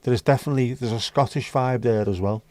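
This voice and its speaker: This North West England livestream host is a fast talker with a mid-range, slightly mellow voice and no echo. He chats casually and bluntly with his viewers through the live chat, swearing freely.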